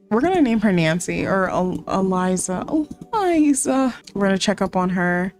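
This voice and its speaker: Excitable woman chatting over gameplay. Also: medium pitch, normal speed, soft background music. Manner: excitable, chatty, narrates her actions. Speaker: gaming content creator. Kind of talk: casual gameplay commentary.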